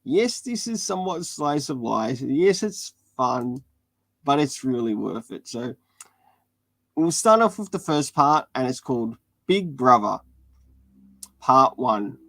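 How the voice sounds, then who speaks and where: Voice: medium pitch, big pitch swings, takes it slowly, fairly bright tone, dry recording. A livestream host reading a webcomic aloud with casual commentary, laughing often along the way.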